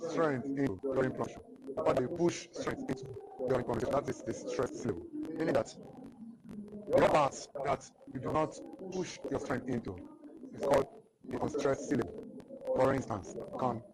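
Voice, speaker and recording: A man with a Nigerian English accent teaching a literature lesson, speaking slowly and repeating each definition several times. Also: medium pitch, heavy background noise. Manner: slow and repetitive, restating definitions. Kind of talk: classroom lecture.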